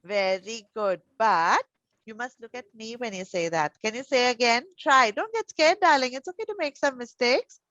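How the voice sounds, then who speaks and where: A woman teaching young children over a video call, gentle and encouraging, full of endearments. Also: on the high side, expressive, normal speed, no room sound. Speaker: preschool teacher. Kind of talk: online class with young children. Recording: dull, dry video call audio.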